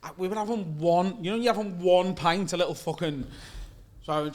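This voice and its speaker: A man with a Liverpool accent telling a sweary, animated story in a casual chat. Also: fairly high pitch, fast. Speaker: comedian guest. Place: indoor green room.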